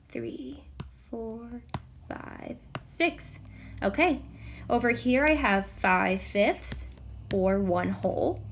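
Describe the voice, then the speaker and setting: A woman teacher walking students through a recorded math lesson step by step, patient, counting aloud softly as she works. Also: medium pitch, slight background noise.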